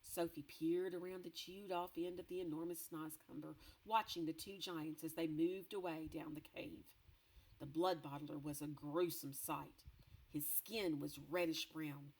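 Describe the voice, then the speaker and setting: A woman teacher reading a children's chapter book aloud to a class, with expressive storytelling. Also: fairly low pitch, poor audio.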